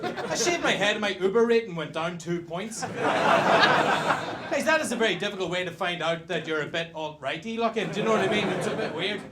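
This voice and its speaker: A man's voice: high-pitched, animated, normal speed. A man doing a stand-up comedy set with a dry, sweary delivery. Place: comedy stage. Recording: loud crowd and noisy live recording.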